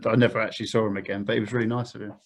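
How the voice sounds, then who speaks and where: Chatty bloke telling stories. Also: male voice, lowish voice, level tone, very fast, crowd noise. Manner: laddish, chatty, lots of fillers. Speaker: podcast guest. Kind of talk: casual storytelling.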